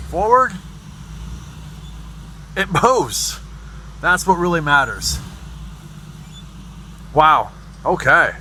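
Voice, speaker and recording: Lively, bright-voiced rambling man. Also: on the high side, a little hiss or hum. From New Hampshire. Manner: rambling, joking, self-deprecating asides. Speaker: host working on an old vehicle. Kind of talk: casual running commentary while wrenching.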